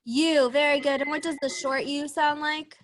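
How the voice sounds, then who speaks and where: A young woman teaching a young class over a video call, drawing out sounds slowly and encouraging the children. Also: high voice, level tone. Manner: slow, encouraging, drawn-out sounds. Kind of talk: online class lesson.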